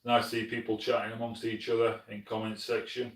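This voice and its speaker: A friendly South Yorkshire man with a deep, low voice chats through viewer comments on a live stream. He is plain-spoken and keeps calling people mate. He sits some way from the mic in an echoey room. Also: completely flat delivery, fairly quick, recorded from a distance. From Sheffield, South Yorkshire, England. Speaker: hunting channel host.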